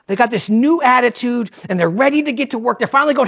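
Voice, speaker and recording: A woman pastor preaching a sermon in an animated way, swinging between loud bursts and hushed asides. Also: a little high, fast, few pauses, slightly rough.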